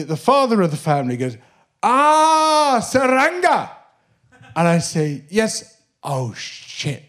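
A man with a slightly higher-than-usual voice, speaking as a guest in a live interview on a theatre stage. He tells his story in an animated way, stumbling and restarting and laughing as he goes. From Britain. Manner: animated anecdote-telling with frequent restarts and laughs.

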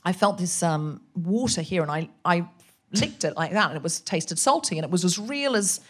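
Woman, podcast guest, lowish voice, casual comic storyteller who acts out voices. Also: moderate pace. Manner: animated, swearing, acts out voices in her anecdotes.

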